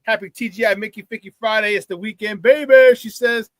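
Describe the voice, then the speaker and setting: Man, sports talk show host, high voice, hyped-up casual chat, dry close sound. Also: fairly even intonation, a little fast, no room sound. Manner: hype-man energy with catchphrases, calls viewers baby. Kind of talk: casual morning show chat, reading viewer comments.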